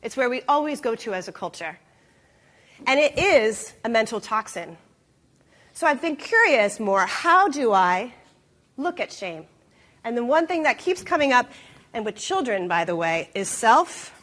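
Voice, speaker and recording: A woman speaking to an audience from an event stage, with a somewhat higher-pitched voice. She is animated, slips into quick acted-out voices and puts questions to the room. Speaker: expo speaker. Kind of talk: live presentation talk.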